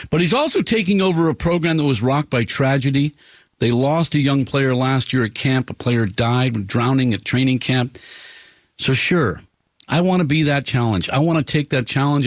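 A man's voice: mid-range voice, no echo. A man in his fifties hosting a local sports talk radio show, chatty and self-deprecating, stumbling over repeated words. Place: radio studio. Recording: dry studio sound.

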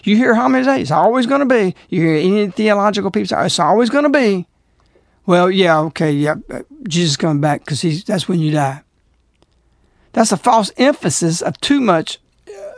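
A man's voice: sits high, lively intonation, normal speed, creaky, no room sound, clean studio sound. Emphatic preaching male radio host. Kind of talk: religious radio talk.

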